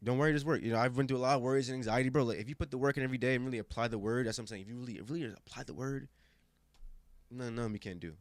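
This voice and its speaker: A man in his twenties from Germany, guest on a podcast, telling a story with emphatic, animated delivery and many restarts. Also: medium pitch, very fast, dry recording. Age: 20s. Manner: animated, emphatic, acts out quoted voices, frequent restarts. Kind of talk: casual storytelling conversation.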